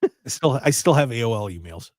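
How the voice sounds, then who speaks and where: A man hosting a wrestling radio show in casual chat, animated and prone to repeating words as he starts a sentence. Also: mid-range voice, a little fast, no room sound, clean studio sound.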